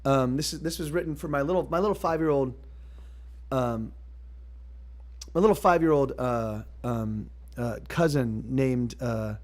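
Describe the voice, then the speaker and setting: A male musician streams live, chatting casually and hesitantly between songs with plenty of fillers and restarts. His voice is medium-pitched and his pace a little slow.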